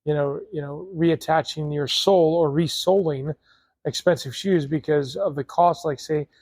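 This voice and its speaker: A man's voice: a little high, fairly even intonation, darkish tone. A man co-hosting a podcast in casual chat, chiming in with asides and questions. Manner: chatty, interjecting, quick asides. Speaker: podcast co-host.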